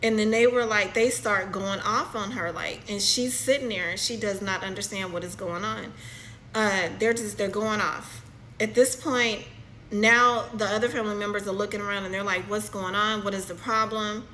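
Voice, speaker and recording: A woman giving a channeled spiritual reading, halting and repeating herself as she describes what she sees, often checking in with "okay?". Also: medium pitch, fairly even intonation, bright, forceful tone, a little hiss or hum, poor audio. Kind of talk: channeled reading, narrating a vision.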